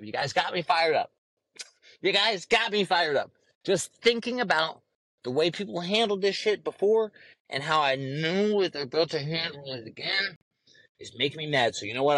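Male host, heated profane rant, a bit high-pitched, dry close sound. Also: pushed and bright, no echo. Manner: heated, profane, emphatic, repeats phrases. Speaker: podcast host.

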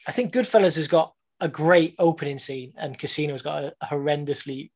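A man chatting casually about films with friends on a podcast, enthusiastic and quick to repeat himself. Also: on the high side. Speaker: podcast co-host. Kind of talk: casual film chat.

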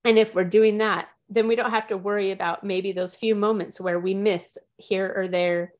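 A woman's voice: mid-range voice, steady tone, normal speed, a little mellow, muffled recording. A woman, sharing earnestly and emotionally with a group, close to tears. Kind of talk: heartfelt personal sharing.

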